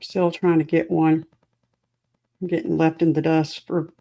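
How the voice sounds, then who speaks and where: A woman's voice: low voice, flat delivery, measured pace, creaky, dark tone. A woman hosting a livestream, reacting anxiously and chatting with viewers. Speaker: livestream host. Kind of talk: live reaction commentary. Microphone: home streaming setup.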